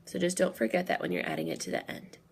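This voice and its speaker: A woman's voice: fairly low pitch, sing-song, fast, gravelly, a little hiss or hum. A woman teacher explaining grammar patiently, step by step, in a recorded lesson. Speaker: Spanish teacher.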